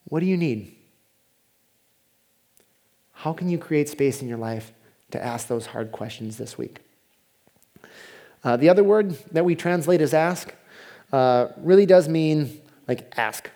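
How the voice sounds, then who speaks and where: A man preaching a sermon as pastor, in a conversational way, dropping to a hushed voice when he voices prayers. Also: fairly high pitch, animated, measured pace, pauses often.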